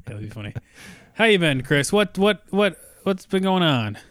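A man's voice: sits high, very animated, a little slow, fairly bright tone, no echo, clean studio sound. Young man hosting a casual podcast. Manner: loose and rambling, many fillers and restarts. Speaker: podcast host. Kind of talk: casual chat.

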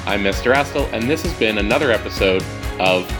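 Over music, a podcast host explains a prayer practice in a relaxed, conversational teaching style. His fairly low voice moves briskly, peppered with fillers and restarts.

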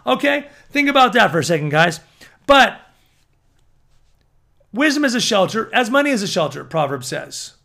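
A man preaching to an audience as a prophetic minister, fervent and building to emphatic near-shouts. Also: high voice, sing-song, normal speed, vocal fry, pauses often.

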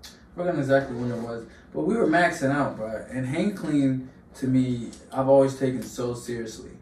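A man's voice: medium pitch, normal speed, a little mellow. A young man in casual podcast chat, telling long fired-up stories full of slang. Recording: roomy room, distant mic, faint hum.

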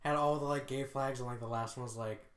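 A man's voice: mid-range voice, fairly even intonation, quick pace, fairly bright tone. Joking podcast guy, echoey room. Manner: joking, self-deprecating, filler-heavy. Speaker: podcast co-host. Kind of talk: casual chat.

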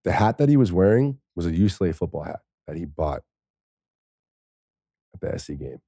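Very deep-voiced man telling a story. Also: sing-song, moderate pace, creaky, warm tone, no echo, studio quality. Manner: rambling, profane, laughs often. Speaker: podcast guest, former pro football player. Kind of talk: casual storytelling.

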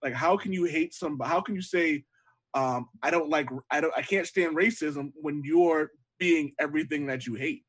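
A man's voice: on the high side, moderate pace, a bit bright, husky. A man telling rambling stories with casual slang in a podcast chat.

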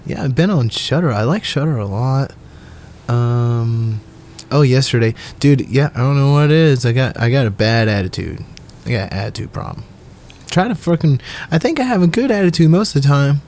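A man's voice: medium pitch, lively intonation, normal speed, darkish tone, a little hiss or hum. A young man, talking alone in a small home studio in a rambling, profane, self-mocking monologue that he keeps laughing at. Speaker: solo podcaster.

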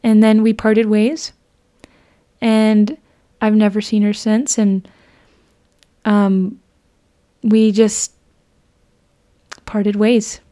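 A woman's voice: mid-range voice, little pitch movement, very slow, long pauses, warm tone. A young woman hosting a podcast, telling a personal faith story in an earnest, chatty way with frequent fillers and restarts. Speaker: podcast host.

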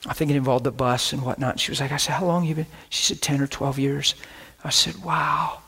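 A man preaching a sermon, telling animated stories and acting out scenes, breaking into laughter, shouts and whispers. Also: medium pitch, a little fast, breathy edge. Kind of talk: storytelling sermon.

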